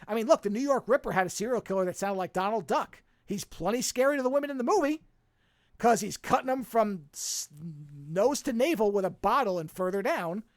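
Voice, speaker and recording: A podcast co-host in casual chat, talking in an animated, rambling way with frequent restarts. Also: medium pitch, no echo, clean studio sound.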